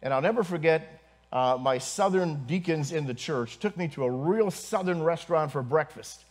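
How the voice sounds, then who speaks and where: Male pastor, slightly high-pitched, earnest sermon delivery in church. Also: lively intonation. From northern United States. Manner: earnest preaching with pauses and fillers, rising for emphasis. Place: church congregation.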